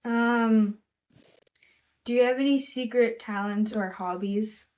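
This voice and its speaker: Young girl, slightly high voice, short plain remarks. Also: fairly even intonation, takes it slowly, a little mellow. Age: child. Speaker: co-host asking questions. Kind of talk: casual chat.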